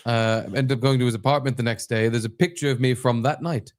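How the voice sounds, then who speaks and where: A man's voice: mid-range voice, steady tone, quick pace. A man co-hosting a podcast, chatting casually and joking crudely while reading messages aloud in mocking voices. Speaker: podcast co-host.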